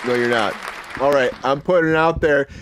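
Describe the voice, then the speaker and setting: A man hosting a live comedy entertainment news show, hyping his co-host with playful teasing and shouted countdowns. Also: medium pitch, fairly quick, crowd noise, noisy background.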